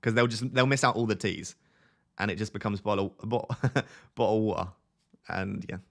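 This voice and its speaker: A man's voice: on the low side, moderate pace, creaky, fairly bright tone. A young man with a light Essex accent, answering viewer chat in a chatty, self-mocking way on a live stream. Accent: light Essex English. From Essex, England.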